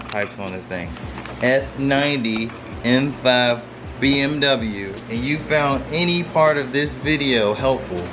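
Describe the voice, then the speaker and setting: A man with a medium-pitched voice does a casual, chatty how-to walkthrough for his car channel, working with his hands and filming on a handheld phone. Music plays along with other background noise.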